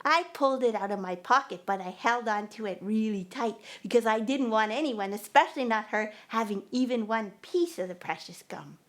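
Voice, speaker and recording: A woman's voice: on the high side, lively intonation, moderate pace, few pauses. A woman telling a first-person story at a live performance, narrating expressively and acting out the dialogue. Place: performance venue.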